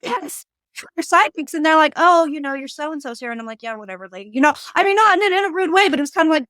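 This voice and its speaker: A woman, a medium, telling a story casually in an animated way and quoting people in little voices. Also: high voice, fast talker, no room sound. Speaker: guest medium and tarot reader.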